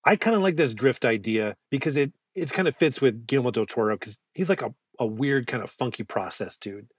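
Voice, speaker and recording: A man's voice: mid-range voice, a little fast, no room sound. Male co-host: loose, swearing banter about films, medium voice, dry close mic. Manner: joking, rambling, swears freely. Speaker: podcast co-host. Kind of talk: casual movie-review chat.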